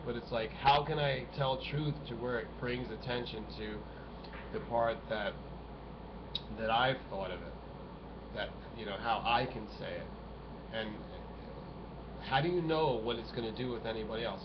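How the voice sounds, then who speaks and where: A vlogger rambles and rants to camera, agitated and profane, cursing often and restarting his sentences again and again. It's a muffled, low-fi home recording with faint hiss.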